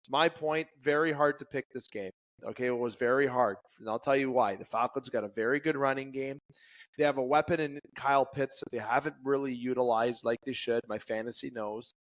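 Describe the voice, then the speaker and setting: A man's voice: mid-range voice, a bit bright. Chatty man who trips over his words. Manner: stumbling, self-correcting, chatty. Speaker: podcast co-host. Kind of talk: casual sports chat.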